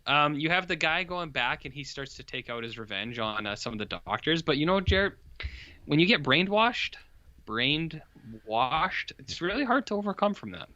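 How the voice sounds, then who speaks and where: Podcast cohost guy, bright tone, a bit dull sounding lo-fi mic, rambles on. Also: on the high side, normal speed, no room sound. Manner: rambling, animated retelling with put-on quotes. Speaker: podcast co-host reviewing horror films. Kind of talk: casual chat.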